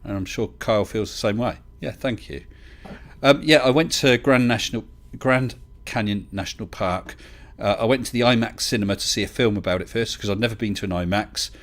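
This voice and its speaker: A man's voice: lowish voice, fairly quick. A British man hosting a live stream, chatting casually, interrupting himself and laughing easily. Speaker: livestream host.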